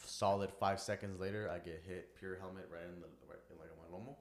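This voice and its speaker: Blunt young man with a low voice. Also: fairly even intonation, fairly quick. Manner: blunt, teasing, swears freely. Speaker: podcast co-host. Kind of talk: casual chat.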